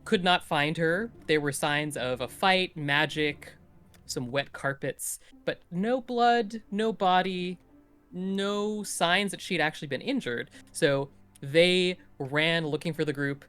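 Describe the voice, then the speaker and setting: A man casually recapping the last tabletop role-play session for the group, in an animated storytelling way. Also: fairly high pitch, takes it slowly, clear, resonant tone, soft background music. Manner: animated storytelling, playful voices in quotes. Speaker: player giving a recap.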